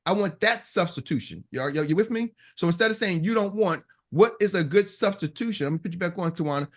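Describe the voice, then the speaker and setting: Brief: male coach, high-pitched, emphatic and repetitive, motivational group-call style. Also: lively intonation, quick pace. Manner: emphatic, repeats himself, acts out customer lines. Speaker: sales coach and host.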